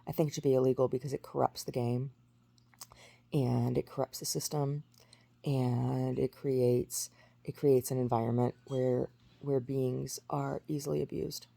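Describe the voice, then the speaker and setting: A woman in her forties tells a long personal story in a casual, rambling way, circling back and restarting often. Her voice is gravelly with a husky edge and a warm, mellow tone. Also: a bass voice, little pitch movement, a little slow, no room sound. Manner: rambling, many restarts and fillers. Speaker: vlogger.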